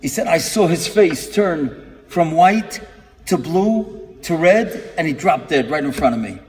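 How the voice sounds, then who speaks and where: A man's voice: fairly high pitch, expressive, a little slow, a little mellow. A man telling a story in a sermon to an audience, delivering it dramatically, acting out the quotes and building to emphatic peaks. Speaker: preacher. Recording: long hall reverb.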